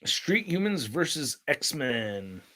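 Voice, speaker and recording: A man's voice: a little high, big pitch swings, takes it slowly, sharp tone. A young man hosting a livestream, chatting casually in a laid-back, slangy way and telling stories to his chat. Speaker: livestream host.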